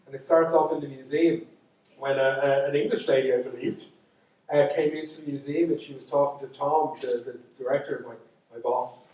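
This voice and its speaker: A man's voice: medium pitch, fairly even intonation, fairly quick, a little mellow. A man with a Dublin Irish accent, telling stories to a live audience in a lecture hall, chatty and self-mocking, with lots of asides. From Ireland. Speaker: storyteller. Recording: echoey hall, voice from far off.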